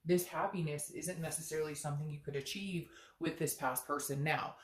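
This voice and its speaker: A woman's voice: sits low, fairly even intonation, fairly quick. Chatty woman reading tarot, echoey room. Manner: chatty, earnest, thinks aloud with many fillers. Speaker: tarot reader. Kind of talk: casual tarot reading to camera.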